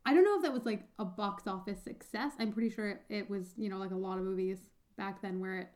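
A woman co-hosting a book podcast in casual chat, halting and full of fillers. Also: mid-range voice, darkish tone. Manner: chatty, halting, many fillers and restarts. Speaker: podcast co-host.

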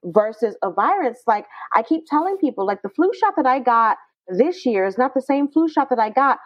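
Animated, emphatic woman co-host. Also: high voice, brisk, no echo. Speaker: podcast co-host. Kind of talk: casual panel discussion. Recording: slightly muffled dry recording.

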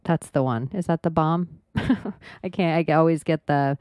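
A woman hosting a podcast, rambling casually with frequent swearing and animated outbursts. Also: low-pitched, measured pace, no room sound, studio quality. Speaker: podcast host. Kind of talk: casual monologue.

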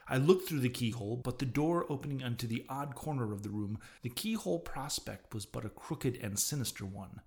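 A man reads a classic novel aloud in the first person, measured and dramatic. His voice sits at an ordinary middle pitch for a man. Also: animated, darkish tone. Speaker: audiobook narrator. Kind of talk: scripted novel narration.

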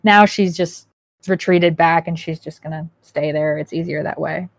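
A woman hosting a podcast in casual chat, a candid and animated storyteller who slips into quoted asides. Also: deep voice, moderate pace, creaky. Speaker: podcast host.

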